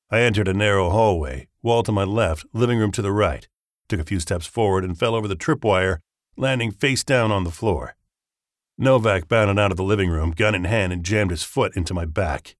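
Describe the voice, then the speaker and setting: A man narrating a first-person thriller audiobook in a steady, matter-of-fact way. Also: low voice, brisk, no room sound, studio quality.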